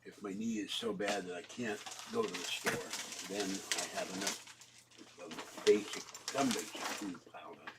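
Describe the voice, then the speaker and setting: A man's voice: fairly low pitch, noisy background. An older man with a cough, chatting casually and rambling through his shopping haul at home, with fillers and frequent coughing fits.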